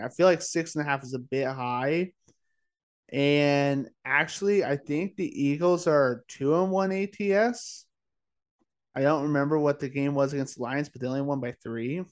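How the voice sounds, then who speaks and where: This is a man co-hosting a casual sports-betting show, his voice sitting a little high. He is tired from the late hour. He talks loosely, with lots of "like" and "uh," and moves quickly from one pick to the next. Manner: chatty, says "like" and "uh" often, fires off quick picks. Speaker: podcast co-host.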